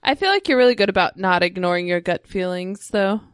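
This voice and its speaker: A woman's voice: on the low side, animated, fairly quick, clean tone, no room sound, studio quality. A woman co-hosting a podcast, chatting playfully and telling stories with animation. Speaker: podcast co-host. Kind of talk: casual chat.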